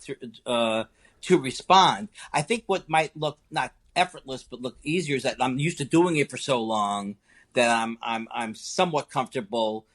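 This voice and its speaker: A middle-aged man, a comedian guest, chatting in an interview with animated, stammering, self-deprecating asides. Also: medium pitch, moderate pace. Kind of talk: casual interview chat.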